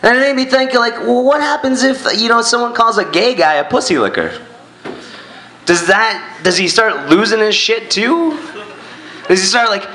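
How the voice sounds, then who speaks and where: A man's voice: high voice, lively intonation, moderate pace, bright, forceful tone. A man doing a stand-up set on a comedy club stage into a handheld mic, crude and self-deprecating in his storytelling. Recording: echoey club room.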